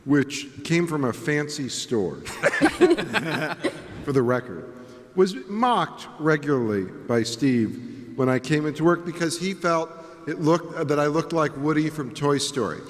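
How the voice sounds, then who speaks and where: A man who writes for TV, telling a dry anecdote slowly on a convention panel. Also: fairly high pitch, very animated, slight background noise. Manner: slow, dry storytelling. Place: large convention hall. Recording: roomy hall reverb.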